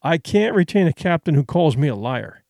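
This is a composed, steely ship owner, as a male narrator puts him on. He speaks quietly and low, with a tense, firm edge. The audiobook recording is dry and close. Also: very animated, moderate pace, dry recording. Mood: cold. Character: cool, controlled ship owner, man.

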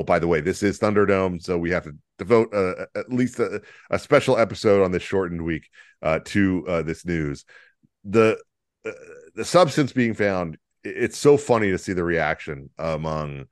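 A man's voice: sits low, normal speed, no room sound, studio quality. A man co-hosting a casual podcast, rambling with many fillers and restarts and chuckling as he goes. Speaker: podcast co-host. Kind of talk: casual political comedy chat.

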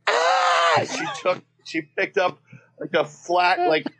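A man's voice: high-pitched, flat delivery, measured pace, fairly bright tone. A man from Florida telling a childhood story as a guest, rambling and swearing, with many restarts. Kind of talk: casual storytelling.

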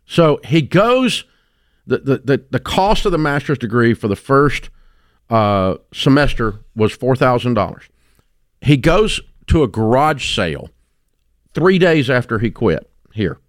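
A middle-aged man hosting a radio call-in show, talking bluntly and emphatically, often climbing to loud exclamations. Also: mid-range voice, sing-song, a little slow, no echo, studio quality. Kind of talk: opinionated radio talk. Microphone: studio microphone.

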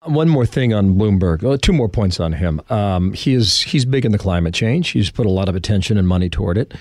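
A man hosting a podcast in a chatty, conversational way, with a gravelly edge. His pitch rises and falls a lot, and the sound is dry and close. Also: brisk, dry recording. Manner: lively, chatty, offers his own opinions. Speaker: podcast host.

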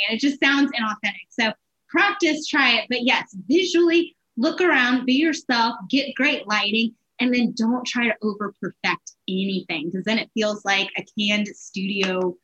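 A woman guest in an interview, giving sales advice in an energetic, animated way with quick bursts. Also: a little high, highs cut off.

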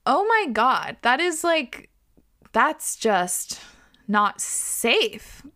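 A woman's voice: fairly high pitch, sing-song, slow, pushed and bright. A young woman hosting a podcast, reading out listener stories and reacting in casual chat, laughing often and swearing freely.

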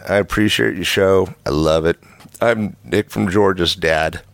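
A middle-aged man with a very low, gravelly voice recounts a ghost story from his own life. He speaks casually and haltingly, restarting phrases and breaking into the odd nervous chuckle. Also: no room sound. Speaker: caller telling his own paranormal story. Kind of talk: casual first-person storytelling.

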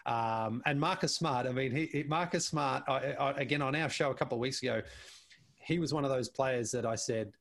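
A man's voice: mid-range voice, a little fast, vocal fry, a bit bright. A man talking casually as a podcast guest, repeating his words and acting out what others said. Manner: chatty, repeats words, acts out quoted speech. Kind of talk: casual conversation.

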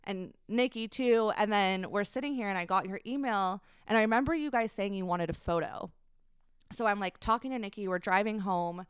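A young woman, a company founder, telling an emotional personal story as a podcast guest, halting with many fillers. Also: medium pitch, clean tone, no room sound, studio quality. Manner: halting, many fillers, laughs while recounting.

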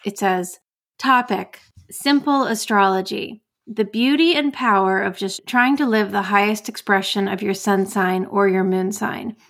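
A woman's voice: medium pitch, a little slow, fairly bright tone. An American woman hosting a solo podcast as an astrologer and coach, talking casually with playful asides and frequent self-interruptions.

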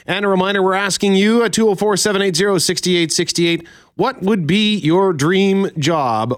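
A man's voice: mid-range voice, dry recording, studio quality. A man hosting a morning radio show, upbeat and announcing the call-in line. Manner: upbeat, reads phone number, lively intonation.

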